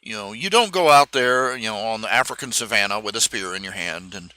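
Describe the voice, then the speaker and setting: A man hosting a live stream, talking in a casual, halting monologue full of fillers and restarts. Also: fairly low pitch, animated, sharp tone. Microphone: streaming microphone.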